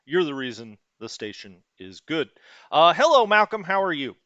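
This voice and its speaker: A man's voice: a little high, big pitch swings, normal speed, fairly bright tone, dry recording, dull audio. A man hosting a strategy game stream, casually thinking aloud and correcting himself as he plans his moves. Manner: musing and thinking aloud, with many fillers and self-corrections. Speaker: host.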